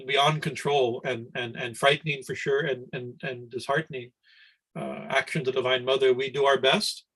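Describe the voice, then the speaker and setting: A middle-aged man gives a spiritual discourse over a video call. His voice sits at an ordinary middle pitch. He talks loosely, restarting sentences and often checking in with "right?". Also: steady tone, moderate pace, fairly bright tone, slightly rough, low-quality recording. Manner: rambling, conversational, frequent "right?" and restarts. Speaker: swami teaching scripture class.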